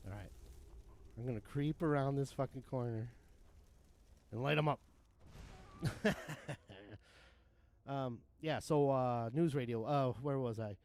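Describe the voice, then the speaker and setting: A man's voice: mid-range voice, a little slow, long pauses, darkish tone. A man in his thirties or forties, rambling casually and profanely while streaming a game, with frequent laughs. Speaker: livestream gamer. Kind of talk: casual gaming commentary.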